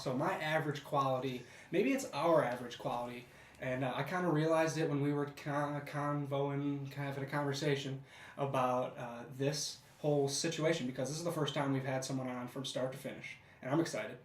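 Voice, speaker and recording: A man co-hosting a podcast in casual chat, telling a story in a relaxed, conversational way. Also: mid-range voice, a little fast, far from the mic. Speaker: podcast co-host. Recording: echoey room, off mic.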